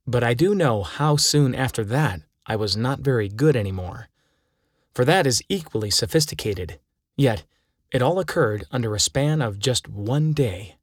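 A man narrating a humorous short story aloud in a deadpan, wry manner. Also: medium pitch, dry recording, studio quality.

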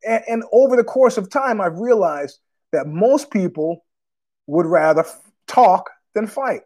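A man's voice: high voice, a little slow. A man hosting his own show, telling a street story in a casual, profane monologue and acting out the other people's lines. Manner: profane, animated, acts out street exchanges in quoted voices. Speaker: podcast host.

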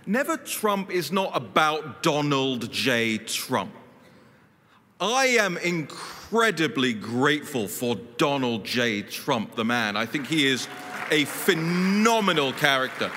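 Animated man speaking in a hall. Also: medium pitch, slow. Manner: animated, emphatic, punchy storytelling. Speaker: guest speaker. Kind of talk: political speech with anecdotes. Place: conference hall. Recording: reverberant hall.

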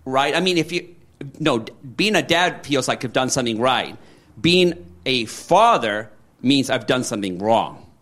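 A man's voice: mid-range voice, lively intonation, moderate pace, a bit bright. A man in a candid conversation, rambling with many fillers and restarts and acting out quoted dialogue. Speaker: interviewee.

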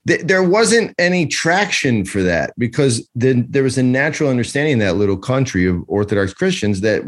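A man co-hosting a podcast, arguing in a joking, animated way and slipping into impressions. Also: mid-range voice, a little fast, hardly any pauses. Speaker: podcast co-host. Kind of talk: casual debate chat.

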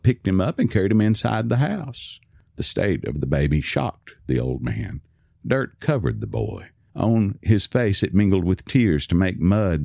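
A man with a low, deep voice reads a story aloud in a calm, measured way. The recording is dry and close, with no echo. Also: gravelly. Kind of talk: scripted narration.

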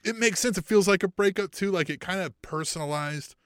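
A man co-hosting a podcast in casual chat, animated, swearing freely and acting out lines. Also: sits high, fairly quick, no echo, studio quality. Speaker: podcast co-host.

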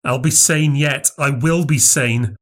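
A man's voice: medium pitch, slow pace, fairly bright tone, voice pushed up. Man voicing an edgy, impatient man, raised voice, storybook reading. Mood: impatient uneasy. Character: anxious, impatient man fearing madness.

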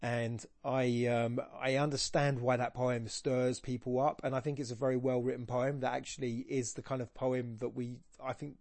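A man talks through a poem in a loose, joking way, often doubling back on himself. His voice sits at an ordinary pitch for a man. The recording is close and dry, with no room sound. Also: level tone, moderate pace, few pauses, a little mellow, no room sound. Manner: rambling, jokey, self-deprecating, with frequent restarts. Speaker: podcast host discussing poetry. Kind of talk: casual spoken analysis.

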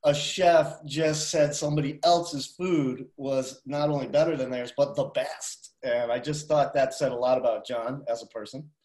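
Radio food show guy, tells stories all animated, sounds kinda echoey like a big room. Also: mid-range voice, normal speed, few pauses. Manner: animated storyteller. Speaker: radio show co-host and food tour guide. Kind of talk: casual radio chat.

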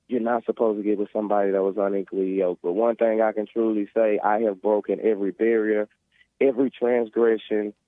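This is an emotional call to a talk show, where a man with a mid-range voice talks earnestly, even preachily, about faith and family, often restarting as he rambles. The phone line sounds tinny and dry, without echo.

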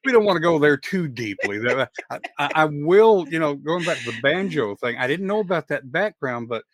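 A man's voice: on the high side, lively intonation, normal speed, no echo. Man, Southern US accent, middle-aged podcast host, folksy, restarts sentences, dry close sound. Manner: folksy, chatty, with frequent restarts. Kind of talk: casual interview chat.

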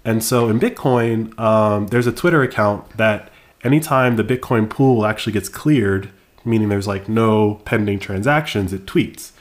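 A man co-hosting a casual podcast with his wife, explaining things in a relaxed way with dry teasing. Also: on the low side, moderate pace. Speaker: podcast co-host.

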